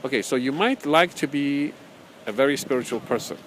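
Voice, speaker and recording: A man's voice: mid-range voice, expressive, fairly quick, fairly bright tone, a little hiss or hum, rough recording. A man teaching an informal spoken course, talking conversationally, repeating phrases and chuckling often, sometimes reading from his own book. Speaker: spiritual teacher.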